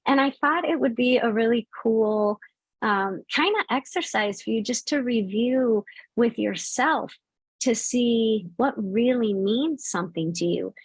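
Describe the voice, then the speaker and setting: A woman's voice: on the high side, measured pace, breathy edge, no echo. A middle-aged woman hosting a spiritual channel, speaking casually to viewers and telling a personal story with many fillers and restarts.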